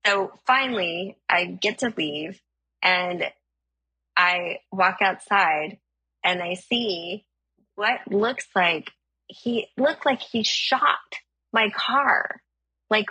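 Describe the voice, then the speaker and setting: A woman telling a comic story on a podcast, animated and swearing as she acts out the dialogue. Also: mid-range voice, husky, no room sound, rough recording. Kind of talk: comedic storytelling.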